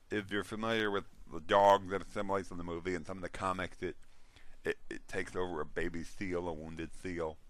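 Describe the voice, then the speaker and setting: A man's voice: low voice, fairly bright tone. A man hosting a casual monologue on role-playing games, rambling with restarts and the odd yawn. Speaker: host.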